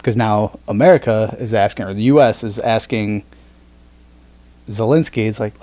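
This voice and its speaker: A man's voice: fairly low pitch, moderate pace, warm tone. A man co-hosting a satirical podcast, reading news items aloud and breaking into crude jokes. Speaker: podcast co-host.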